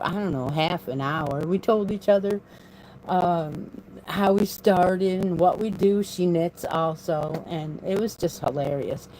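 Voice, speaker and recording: The crochet channel host has a lowish, slightly mellow voice and a slow pace. She rambles and laughs often on her informal live stream, using a phone propped on her desk at home. The audio is poor, with a little hiss or hum.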